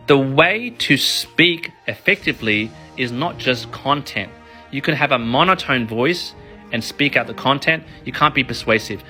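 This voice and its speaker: A man in his thirties talks to camera about raising kids, energetic and emphatic, with a bright, forceful tone. His delivery is animated, and faint music plays behind him. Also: medium pitch. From Australia. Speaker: parenting and kids' finance author. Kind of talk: motivational talk to camera.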